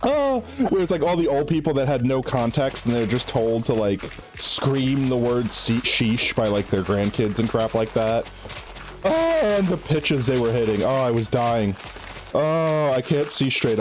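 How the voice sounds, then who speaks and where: A man's voice: mid-range voice, big pitch swings, a little slow, slight background noise. Giggly rambling male streamer. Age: adult. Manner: giggly, rambling, with frequent restarts. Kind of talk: casual live-stream chat while gaming.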